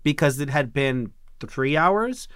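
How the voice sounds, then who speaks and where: A man in his twenties candidly telling a personal story on a talk show, profane and animated. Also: fairly high pitch, slow, clean tone, no echo, clean studio sound.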